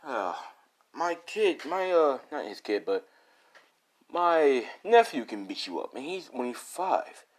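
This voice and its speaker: A man's voice: medium pitch, very animated, slow pace, pitched above the performer's own voice. A man doing a sneering street thug. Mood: taunting. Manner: taunting, sneering. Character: mocking male street thug, cocky bully.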